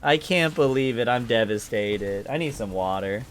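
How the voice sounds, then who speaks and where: A man giving energetic live play-by-play commentary on a video game and chatting with viewers, his voice cracking upward at exciting moments. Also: mid-range voice, normal speed. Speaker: esports caster and streamer.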